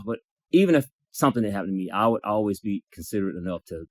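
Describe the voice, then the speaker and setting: A man in a support circle telling an emotional personal story, acting out the dialogue in lively bursts and swearing now and then. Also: medium pitch, quick pace, no echo, studio quality. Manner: animated, acts out dialogue, swears.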